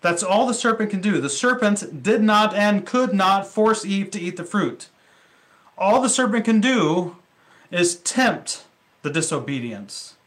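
Male pastor, sermon, conversational, rhetorical questions, slightly high voice. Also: expressive, measured pace, fairly bright tone.

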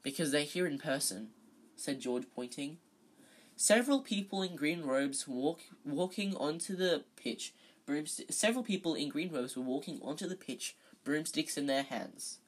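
A husky, mid-range voice with lively intonation reads a children's novel aloud at a measured pace, though the audio is poor. This amateur reader is unpolished, often stumbling and correcting themselves.

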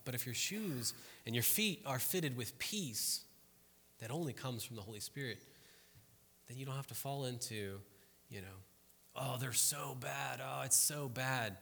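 A man's voice: mid-range voice, expressive, moderate pace, a bit bright. A man preaching a conversational sermon to a congregation, often checking in with the room and acting out quoted voices. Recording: long hall reverb.

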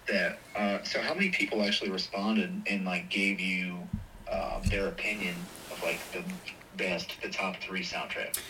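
A man's voice: deep voice, moderate pace, pushed and bright, distant mic, slight background noise, low-quality recording. A man co-hosting a podcast, chatting casually in a laid-back, agreeable way. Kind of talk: casual chat.

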